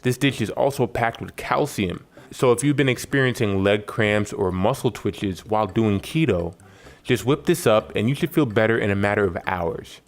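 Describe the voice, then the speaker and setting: Low-voiced man narrating a recipe. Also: moderate pace. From New York, United States. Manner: wry, joking asides. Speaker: cooking channel host.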